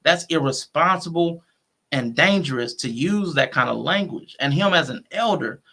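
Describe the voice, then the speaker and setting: Guy hosting a livestream, gravelly voice, thinks out loud, restarts a lot. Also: a little high, lively intonation, moderate pace. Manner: conversational, thinking aloud with restarts. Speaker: show host. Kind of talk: casual livestream talk.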